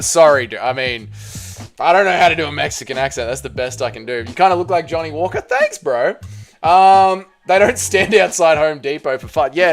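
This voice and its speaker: A man hosting a casual livestream, reading chat aloud, swearing often and excitedly thanking donors. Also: fairly high pitch. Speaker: livestream host.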